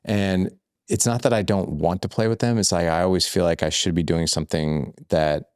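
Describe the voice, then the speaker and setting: A man guest on a podcast, telling animated stories that act out quoted lines, with lots of filler words. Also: low voice, normal speed, clear, resonant tone, no echo, studio quality. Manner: rambling, heavy use of filler words. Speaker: guest, fatherhood coach. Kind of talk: conversational podcast storytelling.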